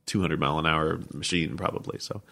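A man talking casually as a podcast guest, with a calm, radio-style delivery and frequent laughter. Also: very deep voice, fairly quick, creaky. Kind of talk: casual conversation.

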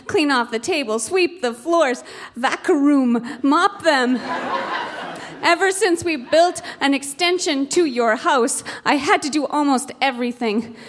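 Woman reading her childhood diary aloud. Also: high-pitched. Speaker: reader at a live storytelling show.

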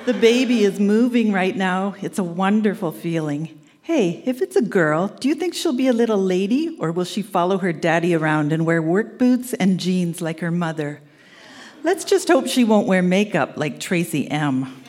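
A woman's voice: fairly low pitch, lively intonation, moderate pace, a little mellow. Fond older woman reading letters. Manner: fond, teasing, reading with laughs. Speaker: storyteller reading her old letters on stage. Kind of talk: reading aloud to a live audience. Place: live event stage.

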